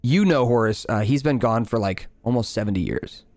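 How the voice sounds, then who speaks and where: A man narrating as game master in a tabletop game, unhurried and full of fillers. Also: mid-range voice, no echo. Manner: relaxed, many fillers, unhurried.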